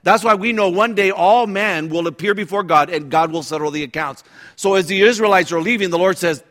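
A male pastor delivering a sermon, his voice sitting a little higher than most men's. He preaches conversationally, tossing in quick asides to the congregation and circling back to restart his sentences. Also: a bit bright.

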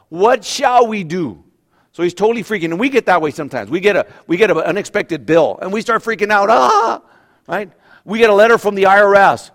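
Animated pastor, higher-pitched man. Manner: animated, explains with everyday examples, asks "right?" often. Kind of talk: conversational sermon.

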